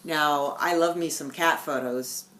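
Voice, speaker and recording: A woman vlogging at home about her stitching, telling stories with loud bursts and hushed asides. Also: deep voice, steady tone, a little slow, slight background noise. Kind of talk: casual chat.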